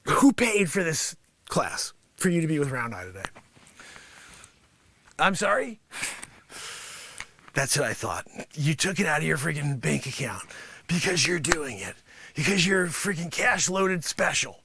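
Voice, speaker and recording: A man playing a boastful, money-grubbing karate sensei who scolds his class and breaks into shouts. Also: a little high, big pitch swings, measured pace, pauses often, a little hiss or hum, heavily acted. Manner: bragging, scolding, swings into shouts. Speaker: livestream host. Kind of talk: improvised comedy character bit.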